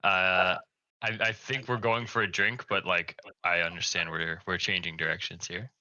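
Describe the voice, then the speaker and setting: Bright-toned, lowish man player. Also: level tone, normal speed, muffled recording. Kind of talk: playing a tabletop game.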